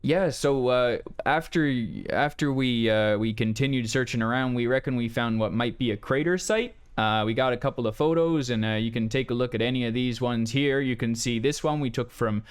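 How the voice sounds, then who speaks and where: A deep-voiced young male student, played by a man reports his findings haltingly, stopping often on "uh". The tone is smooth and clear, with a mid-range pitch. He sounds like an ordinary young man reporting back in a tabletop game. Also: lightly acted. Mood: explaining. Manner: hesitant, full of "uh" fillers.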